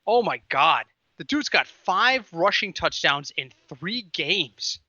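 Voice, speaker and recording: Excitable high-voiced man talking football. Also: takes it slowly, no echo, muffled recording. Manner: animated, excitable storyteller. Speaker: podcast co-host. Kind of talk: casual sports chat.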